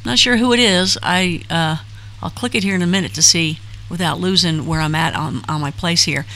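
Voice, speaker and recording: A woman's voice: fairly low pitch, a little fast, fairly bright tone, a little hiss or hum. Chatty woman hosting a live stream. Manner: chatty, rambling, reads chat names aloud with frequent fillers. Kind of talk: casual live-stream chat reading comments.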